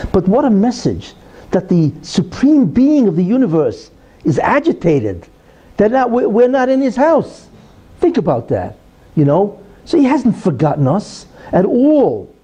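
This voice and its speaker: A man's voice: high-pitched, dark tone, husky. A man giving a Torah lesson in a conversational way, asking rhetorical questions and explaining terms. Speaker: religious teacher.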